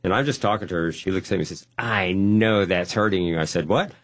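A man telling a personal testimony story, animated and acting out the quotes. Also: low-pitched, fairly quick. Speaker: guest.

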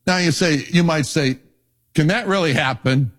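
A middle-aged man, a pastor, preaching a sermon and telling personal stories, dropping his voice low for asides. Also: normal speed. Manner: animated storytelling, drops low for asides.

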